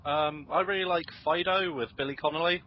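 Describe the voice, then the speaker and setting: A man's voice: a little high, fairly even intonation. A man chatting hesitantly on a casual group call, stopping and restarting his thoughts. His voice comes through dull and lo-fi, with a faint hiss. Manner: hesitant, halting. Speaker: new podcast panelist.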